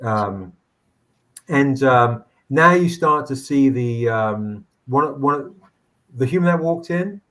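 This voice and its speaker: A man's voice: medium pitch, a bit bright. A man narrating as game master in a tabletop game, rambling with frequent restarts. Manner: rambling, halting, many restarts.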